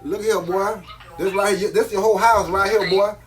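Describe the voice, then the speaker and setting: A man's voice: high voice, steady tone, fairly quick. A man, selling jewelry on a phone live stream, boastful and slangy, repeating his hype lines.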